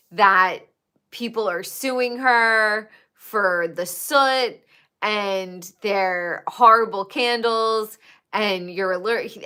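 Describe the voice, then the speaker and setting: Woman, livestream chat, bright edgy tone, gossipy, swears a lot. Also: medium pitch. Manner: chatty, profane, gossipy. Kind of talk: casual chat with viewers.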